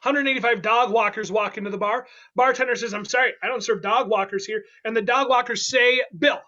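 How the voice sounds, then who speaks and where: A man hosting an online improv comedy game, playful and quick, with laughing asides. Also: very high voice, fairly even intonation, pushed and bright, highs cut off.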